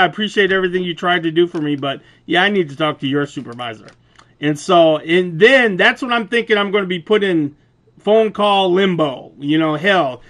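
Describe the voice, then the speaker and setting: Male vlogger, young adult, booming and a touch high-pitched, profane, animated storyteller. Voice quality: loud, booming voice. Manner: animated, profane, laughs through the retelling. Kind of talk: casual storytelling rant.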